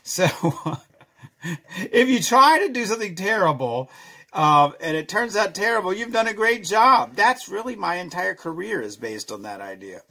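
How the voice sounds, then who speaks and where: A man's voice: high voice, big pitch swings, moderate pace, gravelly, bright, forceful tone. A middle-aged man chatting casually through a drawing tutorial, self-deprecating and chuckling as he goes. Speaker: children's author drawing a comic.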